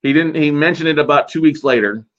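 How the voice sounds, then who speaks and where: A man's voice: a little high, fast. Guy hosting a podcast, telling a story all fired up, kinda dull lo-fi audio. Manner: energetic, animated storyteller acting out quotes. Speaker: podcast host. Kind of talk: casual storytelling.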